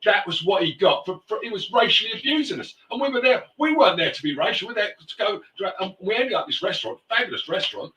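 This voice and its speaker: A man hosting a talk show in a loose, rambling way, stopping and restarting his sentences. His voice sits a bit high and sounds forceful and bright. He is heard from a distance in an echoey room. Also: lively intonation, fast talker, hardly any pauses. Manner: rambling storyteller, frequent restarts and fillers. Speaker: host. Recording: roomy, distant mic.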